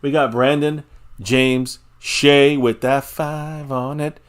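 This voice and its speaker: A man's voice: medium pitch, fairly even intonation, takes it slowly, clean tone. A man hosts a casual live stream for sports fans, talking in an everyday mid-range voice. He is opinionated and rambling, doubling back on his words and laughing at his own points. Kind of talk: casual sports fan chat.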